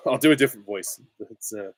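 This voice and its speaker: A man's voice: medium pitch, moderate pace, no room sound. A man hosting a live stream Q and A, chatty, giggly and self-deprecating, on a close desk mic. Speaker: channel host answering viewer questions.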